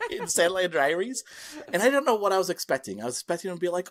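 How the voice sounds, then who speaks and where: This podcast co-host has a high, slightly bright voice with huge pitch swings, talking a bit fast but with long pauses. He recounts a story animatedly, laughing between phrases and performing the voices of those he quotes.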